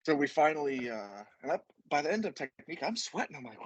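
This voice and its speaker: Man, podcast guest, husky, dry close sound, profane casual storytelling. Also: on the high side, big pitch swings, fast, no room sound. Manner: profane, rambling, laughing storyteller.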